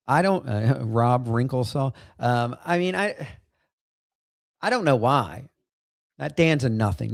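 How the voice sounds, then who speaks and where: Gravelly-voiced man rambling on a livestream. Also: medium pitch, animated, slow, long pauses, no room sound, studio quality. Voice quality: gravelly, creaky. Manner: rambling with many fillers and laughs. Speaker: livestream host. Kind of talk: casual rambling livestream chat.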